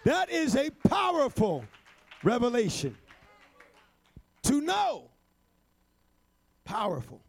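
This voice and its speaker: A high-voiced man preaches a sermon that builds to shouted, rhythmic refrains. He peppers his lines with "amen" and "uh."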